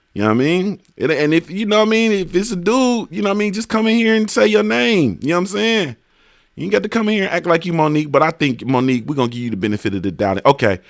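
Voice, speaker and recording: A man's voice: fairly high pitch, a bit bright, no room sound, clean studio sound. A man hosting a casual livestream, greeting viewers by name in a laid-back, slangy, sing-song way. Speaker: livestream host.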